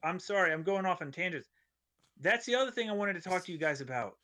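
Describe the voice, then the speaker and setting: A man, a comedian guest on a studio podcast, telling a rambling story in an animated way and acting out the voices of people in it. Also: high voice, quick pace. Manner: animated, acts out voices in his stories, rambling tangents.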